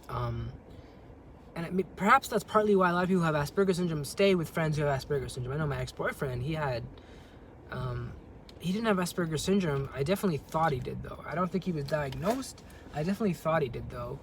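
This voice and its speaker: A man's voice: on the high side, animated, quick pace, a little hiss or hum. A man talking casually to camera in a rambling way, often repeating words and restarting his sentences. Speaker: vlogger. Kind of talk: casual monologue.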